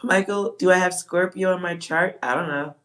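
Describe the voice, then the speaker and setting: A woman's voice: lowish voice, moderate pace, a bit bright. A woman from Texas, talking casually and bluntly on a livestream as a psychic reader, swearing freely and laughing often.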